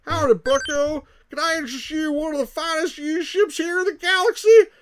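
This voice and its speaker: A man voicing a slick used-spaceship salesman with a Texan accent, in a loud, drawling sales pitch. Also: fairly even intonation, a little fast. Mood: eager pitch.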